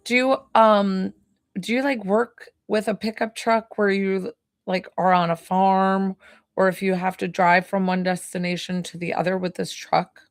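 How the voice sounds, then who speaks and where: A tired woman rambles through a live psychic reading, full of little fillers and trailing thoughts. Her voice has a gravelly fry to it, and the sound is close and dry with no room around it. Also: medium pitch, steady tone, unhurried, dry recording. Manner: chatty, rambling, hesitant with fillers. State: tired, yawning. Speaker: psychic medium. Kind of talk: live-stream medium reading.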